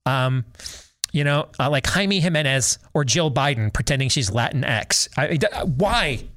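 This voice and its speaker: A man's voice: mid-range voice, expressive, unhurried, fairly bright tone. A middle-aged man hosting a talk show, giving a sarcastic, exasperated and emphatic rant about a film. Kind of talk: opinionated movie-review rant.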